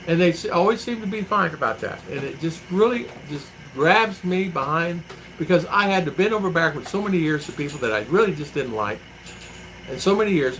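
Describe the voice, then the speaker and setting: A man's voice: sits high, lively intonation, fairly quick, a bit bright, a little hiss or hum, low-quality recording. A man chatting casually on a livestream, reading out chat comments and rambling through stories with acted-out quotes. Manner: rambling storyteller who acts out quotes. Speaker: vlogger living abroad, reading live chat.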